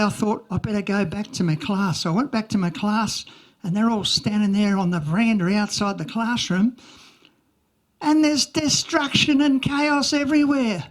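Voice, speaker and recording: A rambling young schoolkid, as a woman puts the child on, telling a comic story in a high, slow, earnest voice. The delivery wanders, stumbles and fills gaps with "like", in a childlike comic monologue. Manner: rambling, childlike, full of "like" and slips.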